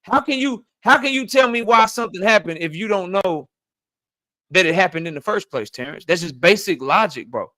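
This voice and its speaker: A man's voice: high voice, animated, a little fast, sharp tone, dry recording. A middle-aged man hosting a channel, arguing his point insistently and with a lot of profanity in a heated debate. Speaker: channel host.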